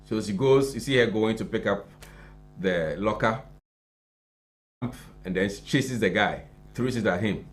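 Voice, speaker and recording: A man with a Ghanaian accent, co-hosting a live morning show, reading and chatting over the news in a relaxed way with fillers. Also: fairly low pitch, measured pace, pauses often, soft background music. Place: TV studio.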